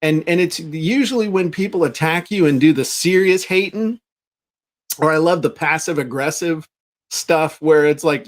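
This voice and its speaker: A middle-aged man chats on a podcast with a slightly raised pitch. He tells stories with energy and acts out the people he quotes. It is a relaxed, conversational delivery. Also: moderate pace. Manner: animated storyteller acting out quotes. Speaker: podcast co-host. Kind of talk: casual podcast chat.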